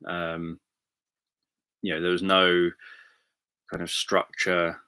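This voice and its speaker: Low, bright-voiced man rambling casually. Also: monotone, slow, smooth, no room sound. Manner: rambling, thinking aloud with many fillers. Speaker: hypnotherapist answering viewer questions. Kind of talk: casual livestream talk.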